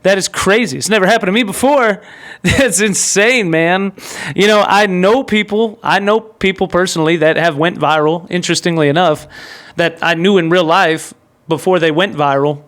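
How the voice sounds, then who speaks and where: A man with a high, smooth, ringing voice talks as the host of his own show. He rambles through a story with eager excitement, tossing in casual fillers and slang as he goes. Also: normal speed. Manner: excitable, rambling, heavy use of "like" and "bro". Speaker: podcast host.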